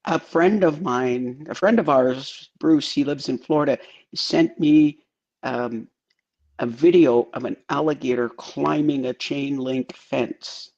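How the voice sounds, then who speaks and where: A man co-hosting a political live stream, rambling and halting through anecdotes, heard over a remote call. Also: mid-range voice, a little mellow, lo-fi sound.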